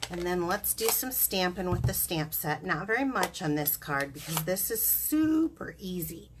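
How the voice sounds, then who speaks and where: A woman with a deep, low voice talks through a craft project live, chatty and giggly as she explains each step. Faint background noise sits under her voice in a home craft room. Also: lively intonation, moderate pace. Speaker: craft demonstrator host. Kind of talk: live stamping demonstration.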